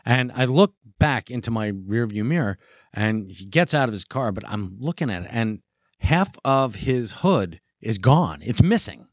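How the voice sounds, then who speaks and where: A man's voice: medium pitch, unhurried, dry recording, clean studio sound. A man telling a rambling, profane anecdote on a podcast in casual chat, acting out the quoted lines. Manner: profane, animated storytelling, acts out quotes. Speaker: podcast guest. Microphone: podcast studio mic.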